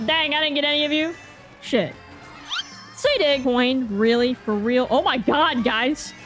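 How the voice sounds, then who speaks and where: A woman giving casual live gameplay commentary, excitable and self-mocking, with slang and mild swearing. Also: sits high, a little slow, soft background music. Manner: excitable, groans and cheers at every turn. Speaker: gaming video creator.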